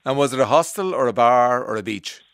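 A man's voice: mid-range voice, animated, fairly quick, a bit bright, clean tone, dry recording, clean studio sound. A man with an Irish accent hosting a radio show, chatting casually and teasing callers, with frequent fillers. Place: radio studio.

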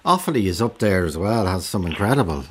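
A man's voice: low-pitched, lively intonation, fast, a bit bright, slightly rough. A man hosting an Irish radio phone-in, chatty and conversational, with a lot of hesitant restarts. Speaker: radio show host.

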